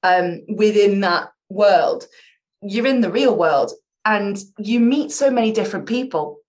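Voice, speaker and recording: A woman's voice: mid-range voice, lively intonation, unhurried, a little mellow. A young adult woman, an improv performer, talking chattily and animatedly in a casual interview, with self-mocking humor.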